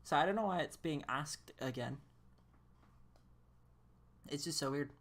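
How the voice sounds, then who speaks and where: A woman's voice: sits low, a little slow. A woman streaming a game, chatting casually in a rambling, incredulous way and laughing often. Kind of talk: casual live-stream chat.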